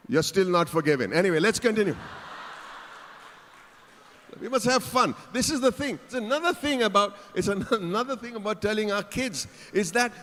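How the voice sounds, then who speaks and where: High-voiced teasing keynote speaker. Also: male voice, a bit bright. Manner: playful, teasing the audience. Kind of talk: conference keynote speech. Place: large conference hall stage. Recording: reverberant conference hall.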